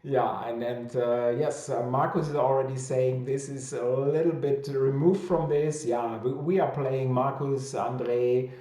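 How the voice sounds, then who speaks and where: A man's voice: medium pitch, fairly even intonation, measured pace, few pauses, warm tone, reverberant. A man with a thick German accent hosting a casual livestream chat, reading out viewer comments with many fillers and restarts. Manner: hesitant with many fillers and restarts, laughs easily. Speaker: host of a weekly publisher chat.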